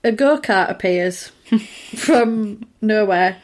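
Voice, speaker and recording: A podcast co-host recaps a film in a relaxed, chatty way, voicing the characters' lines in an animated retelling. Her voice is medium-pitched and slow.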